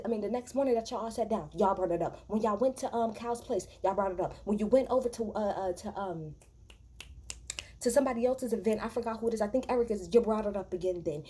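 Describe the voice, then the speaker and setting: A woman's voice: on the high side, dark tone, slightly rough. Heated, profane woman ranting. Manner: profane, heated, sarcastic mimicking. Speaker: reality TV recap vlogger. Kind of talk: angry ranting recap.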